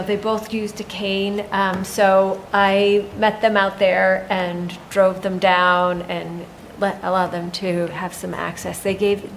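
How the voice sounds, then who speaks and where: A woman, a land stewardship coordinator, giving an unhurried, informal update at a town meeting with frequent pauses. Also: mid-range voice, slight background noise, poor audio. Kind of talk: staff report at a town meeting.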